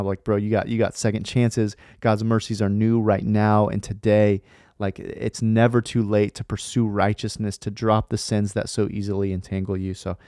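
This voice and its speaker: Man, 30s, podcast host, earnest, rambling, fillers, lowish voice, dry room. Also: dark tone, dry recording. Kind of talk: casual faith podcast talk.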